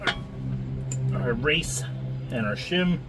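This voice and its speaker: This home mechanic vlogger speaks slowly in a mid-range voice with lively intonation, joking at his own expense while he works on his vehicle. He's out of breath from the effort. The clip comes from a camera mic in an outdoor driveway garage, with heavy background noise.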